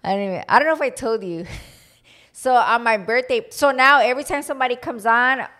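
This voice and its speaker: A fairly high-pitched woman in her thirties chatting casually as a podcast co-host. She tells her story with energy and imitates the voices of the people in it, slipping in Spanish phrases between her English sentences. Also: a little fast. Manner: animated storytelling, acts out quoted voices, mixes in Spanish phrases. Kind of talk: casual chat.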